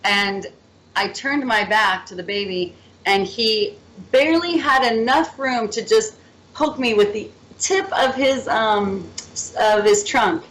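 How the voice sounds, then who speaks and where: A woman guest on a radio interview, telling stories in a lively, playful, chatty way. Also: mid-range voice, takes it slowly, slight background noise, rough recording. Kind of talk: casual interview storytelling.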